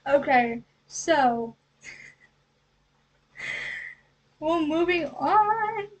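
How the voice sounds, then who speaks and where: A woman giving a casual book recap, chatty, full of rhetorical questions and quick acted-out asides. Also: high voice, expressive, distant mic, rough recording.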